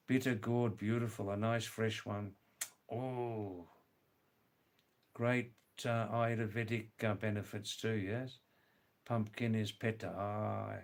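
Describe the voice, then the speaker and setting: Older man, slow unhurried talk, livestream host, repeats himself, spells names out. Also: medium pitch. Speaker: livestream host reading viewer comments. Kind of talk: casual chat.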